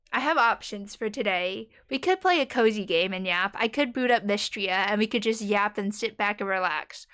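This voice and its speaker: A woman's voice: medium pitch, fairly bright tone. A young woman streamer chatting casually with her viewers, rambling and giggling and dropping playful slang.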